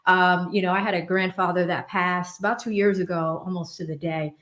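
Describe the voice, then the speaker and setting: A woman's voice: lowish voice, steady tone, a little fast, fairly bright tone, roomy sound. A woman in her thirties from Boston, hosting a livestream of legal commentary and reading out viewer messages in a chatty way. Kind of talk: livestream commentary and chat shout-outs.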